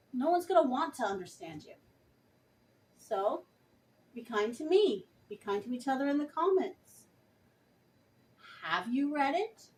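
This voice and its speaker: A woman's voice: high voice, a little mellow, far from the mic, rough recording. A woman vlogger speaking passionately and emphatically, addressing her viewers directly. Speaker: vlogger reviewing a book. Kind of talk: earnest direct-to-camera talk.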